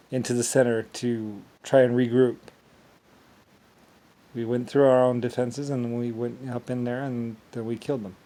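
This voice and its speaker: A man with a warm, medium-pitched voice talks alone in a rambling vlog monologue. He is halting, stumbling and repeating words, and trails off as he goes.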